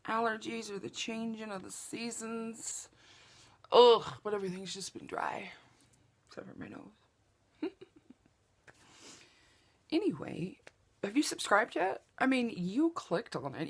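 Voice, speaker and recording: A woman's voice: on the high side, lively intonation, measured pace, long pauses. A woman chatting through a makeup tutorial, joking at her own expense and slipping into whispers as she applies products. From Southeast Oklahoma, US. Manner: chatty and self-joking, drops to a whisper while applying products. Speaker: beauty vlogger. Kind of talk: casual makeup tutorial chat. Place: home makeup table with window open.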